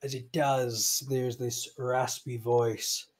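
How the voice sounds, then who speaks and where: Slow-talking English game master. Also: male voice, mid-range voice, little pitch movement. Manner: unhurried, loose narration with many fillers. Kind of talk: narrating a tabletop game.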